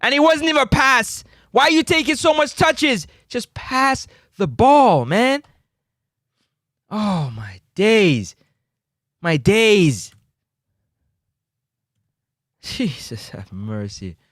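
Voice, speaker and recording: A man's voice: extremely high pitch, big pitch swings, takes it slowly, a bit bright, no echo, clean studio sound. A young man, giving exasperated, pleading commentary over a football match replay. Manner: exasperated, pleading, repeats himself. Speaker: football review host.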